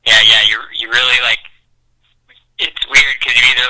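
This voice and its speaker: A man's voice: mid-range voice, flat delivery, normal speed, pushed and bright, low-quality recording. A man co-hosting a casual chat podcast, talking loosely with lots of fillers and frequent laughs. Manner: laughs often, loose filler-heavy talk. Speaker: podcast co-host.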